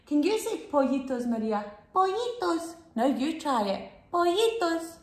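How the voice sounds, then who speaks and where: A woman's voice: high-pitched, animated, normal speed, a little mellow, reverberant. A woman telling a bilingual storybook lesson to young children, sing-song and exaggerated, prompting them to repeat words. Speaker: children's Spanish teacher and storyteller.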